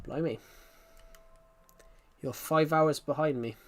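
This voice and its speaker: A British man with a fairly high voice talks casually with his stream viewers. He pushes his voice louder and brighter than his usual way of speaking, and he rambles and apologizes often as he reads and answers the chat. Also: steady tone. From United Kingdom. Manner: puts on a louder, happier voice for the stream; rambling, chatty, quick to apologize. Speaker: live streamer.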